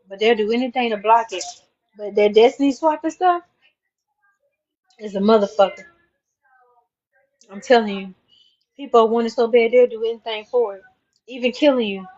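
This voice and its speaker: Woman w a high voice ranting to the camera, keeps repeating herself, muffled lo-fi sound. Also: darkish tone. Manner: repetitive, emphatic, talks straight to the viewer. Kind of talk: casual rant to camera.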